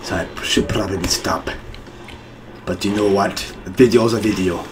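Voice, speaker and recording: A man's voice: low voice, steady tone, moderate pace, background noise. A man commentating his gameplay in a forced heavy put-on voice, yelping at times, with a sore throat. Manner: straining to put on a heavy gruff put-on voice; exclaims and yelps during play. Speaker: gamer.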